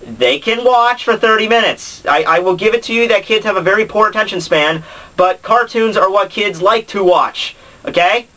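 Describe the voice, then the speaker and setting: Guy ranting about cartoon dubs, kinda sarcastic, lots of ums, bright tense voice, sounds a bit away from the mic. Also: sits high, animated, moderate pace, distant mic, rough recording. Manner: exasperated, sarcastic, filler-heavy. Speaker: anime commentary host. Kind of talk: casual ranting commentary.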